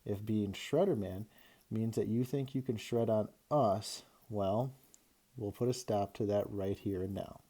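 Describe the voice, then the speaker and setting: Stern storybook mom, firm and scolding, read by a man with a dark, mellow voice. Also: fairly low pitch, unhurried. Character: stern middle-aged mother scolding her son.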